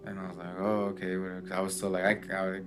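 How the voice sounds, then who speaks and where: A man's voice: sits low, completely flat delivery, quick pace. A man in casual chat, telling a story with lots of fillers and restarts. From Mexican family background. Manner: rambling, many fillers.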